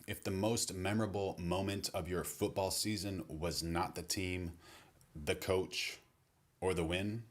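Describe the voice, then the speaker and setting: Deep-voiced male commentator, wry, measured comedy monologue. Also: a bit bright.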